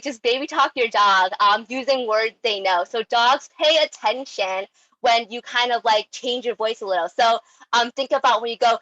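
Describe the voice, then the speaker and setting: A young woman giving a casual online talk on dog training, chatty and animated, with many ums and likes. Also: a little high, no room sound, dull audio.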